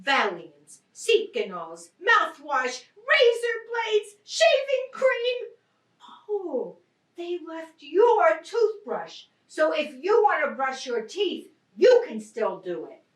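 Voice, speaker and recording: An actress playing a frazzled city wife whose home was just robbed, snapping back with sharp, exasperated retorts in a stage play. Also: female voice, very high-pitched, sing-song, slow pace, exaggerated voice. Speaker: stage actor. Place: theatre stage. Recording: roomy stage sound from a distant mic.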